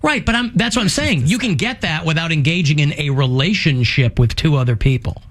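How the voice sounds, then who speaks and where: A male podcast host in loose, casual chat, his fairly high voice swinging widely as he talks. He is playful and animated, often repeating phrases in a mock newscaster voice. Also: a little fast.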